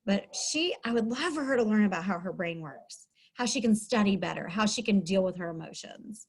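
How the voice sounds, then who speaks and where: A woman's voice: mid-range voice, lively intonation, brisk, husky. A middle-aged woman, a school counselor, giving an upbeat, chatty webinar lesson from home over a video call, with many fillers. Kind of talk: webinar teaching talk.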